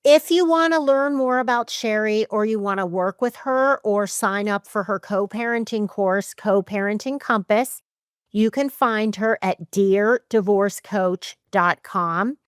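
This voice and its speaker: A middle-aged woman hosts a podcast in a lively, emphatic way, often acting out her own racing thoughts. Her voice is smooth and clear, and it sits in an ordinary middle register. The sound is dry and close, with no room around it. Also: medium pitch, measured pace, dry recording. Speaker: podcast host. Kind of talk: casual podcast chat.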